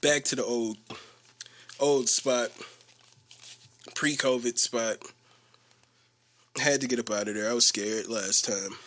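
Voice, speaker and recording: A young man telling a story in a casual podcast rant, animated and slangy, laughing often. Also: slow pace, pauses often. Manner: animated, slangy, mimics coworkers with a low voice. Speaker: podcast host.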